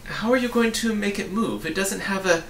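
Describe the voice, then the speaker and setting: A man's voice: high-pitched, normal speed, fairly bright tone, pitched above the performer's own voice. A man voicing a curious young boy who asks earnest, puzzled questions. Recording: roomy, distant mic, faint hiss.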